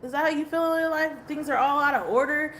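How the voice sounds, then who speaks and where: Chatty woman tarot reader, higher voice. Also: fast talker, a bit bright, slight background noise. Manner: rambling, swears casually, laughs often. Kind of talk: casual chatty tarot reading.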